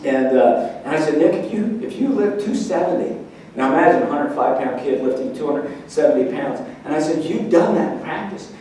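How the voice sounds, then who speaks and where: A middle-aged man gives an earnest, animated motivational speech in a big hall. His voice is warm and mellow and sits a bit higher than most men's. He sounds far from the mic, with heavy room echo and faint ambient noise. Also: moderate pace. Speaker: keynote speaker. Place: large meeting hall.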